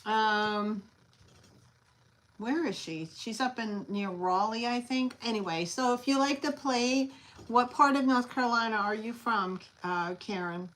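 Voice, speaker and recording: This middle-aged host, Long Island New York accent and all, sells collectibles over a live stream, her voice a little high, unhurried, and somewhat bright. Chatty and prone to rambling asides, she responds to viewers by reading their comments aloud.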